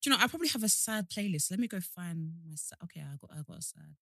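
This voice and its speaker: A woman's voice: fairly low pitch, animated, quick pace, creaky, pushed and bright. A young woman co-hosting a casual podcast, blunt and teasing, swearing freely. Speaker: podcast co-host. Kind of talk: casual chat.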